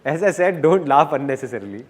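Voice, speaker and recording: A man giving a dubbed motivational seminar talk, speaking to the audience in an animated and playful way. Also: fairly high pitch, quick pace, slight background noise, natural voice.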